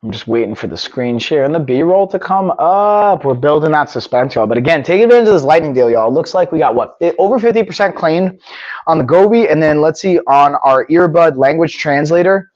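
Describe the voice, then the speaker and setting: A man's voice: a little high, lively intonation, fairly quick, a little mellow, no echo, lo-fi sound. Chatty man hosting a live stream. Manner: upbeat, chatty, sprinkles in "y'all", mutters while troubleshooting. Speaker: livestream host. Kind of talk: casual live-stream chat. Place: home gym.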